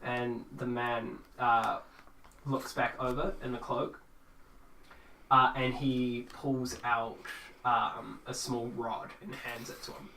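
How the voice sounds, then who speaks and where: A young man narrating a tabletop game as game master, in a casual, halting way. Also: medium pitch, little pitch movement, vocal fry, sharp tone, a little hiss or hum. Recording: echoey room, mic far off.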